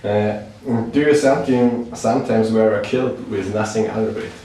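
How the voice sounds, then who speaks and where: Halting non-native interviewer, deep and mellow. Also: male voice, steady tone, a little hiss or hum. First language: German. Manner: halting, with many "uh"s. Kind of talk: interview questions. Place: old cinema venue. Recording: echoey room from a distant mic.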